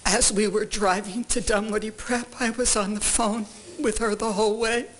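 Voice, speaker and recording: A woman's voice: medium pitch, steady tone, normal speed. An older woman giving testimony in a courtroom, answering questions with brief, careful replies. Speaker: witness.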